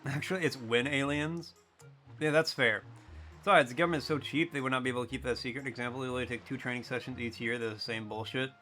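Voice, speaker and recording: A man's voice: mid-range voice, steady tone, quick pace, bright, forceful tone, soft background music. A man streaming a video game, chatting loosely and jokily with casual swearing. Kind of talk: casual gaming stream chat.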